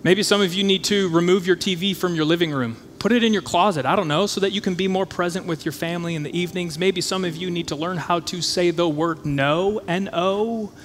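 A man preaching a sermon as a pastor, conversational and animated, acting out the voices of his listeners. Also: sits high, a little fast, hardly any pauses, slight background noise. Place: church auditorium. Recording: church hall reverb with faint music.

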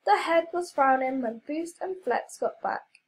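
A woman reading a children's story aloud, clear and expressive. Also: high-pitched, measured pace, low-quality recording.

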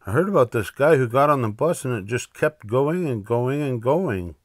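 A man's voice: medium pitch, expressive, moderate pace, no echo, studio quality, voice pushed up, lightly acted. An older man voicing an anxious, always-hungry young rabbit boy who talks in a fretful, gloomy way.

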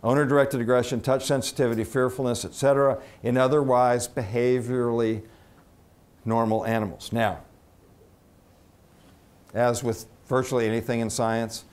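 A man giving a conference lecture as a veterinarian, chatty and halting with restarts, quizzing the audience. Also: mid-range voice, level tone, a little mellow, smooth. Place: conference room.

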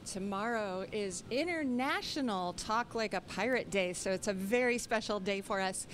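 A woman's voice: on the high side, slight background noise. A woman from an aquarium explaining Halloween events in a friendly, informative way on live TV. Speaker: aquarium staff guest. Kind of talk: live TV interview.

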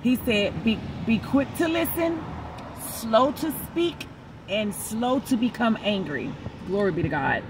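A woman's voice: mid-range voice, animated, normal speed, few pauses, noisy background. A woman hosting her own channel, giving a casual devotional message that mixes a personal story with repeated exhortations. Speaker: preacher and channel host.

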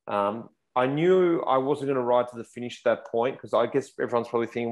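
A man's voice: medium pitch, fast talker, hardly any pauses. A man, telling a race story as a podcast guest and acting out quotes in a raised voice. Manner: animated, acts out quotes in raised voice. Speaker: podcast guest, pro cyclist. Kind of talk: casual storytelling.

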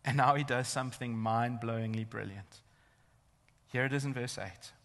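A man's voice: medium pitch, normal speed, a bit bright. A man preaching a sermon in a church, emphatic and building to intense rhetorical questions. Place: large church hall. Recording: long church hall reverb.

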